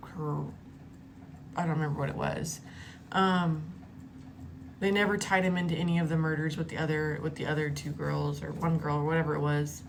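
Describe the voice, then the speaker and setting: A woman vlogger telling a personal story in a casual, animated way, cursing freely and acting out the quotes. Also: sits low, slight background noise. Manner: animated, profane, acts out the quotes.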